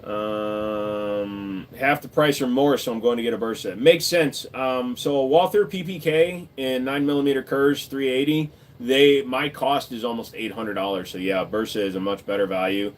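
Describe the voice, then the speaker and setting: A man's voice: mid-range voice, normal speed, few pauses, a little hiss or hum. A man hosting a livestream, reading chat and answering in a laid-back, joking way, swearing casually and saying "dude" a lot.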